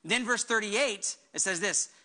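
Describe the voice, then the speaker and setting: A woman's voice: medium pitch, a little slow, sharp tone. A woman pastor delivering a sermon with emphatic preaching, acting out the words she quotes.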